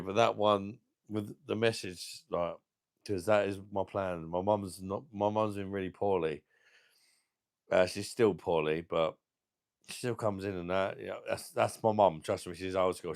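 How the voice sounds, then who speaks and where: A man's voice: deep voice, darkish tone, no echo, clean studio sound. A young man, hosting a casual beer channel live stream, swearing freely and talking to viewers. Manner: sweary, emotional, talks to chat viewers.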